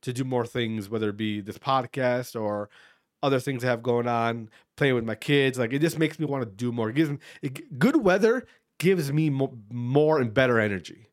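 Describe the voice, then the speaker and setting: A man's voice: medium pitch, normal speed. A man in his thirties from Wisconsin, hosting a podcast and ranting casually with profanity, his voice congested from allergies. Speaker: podcast host. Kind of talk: casual solo rant.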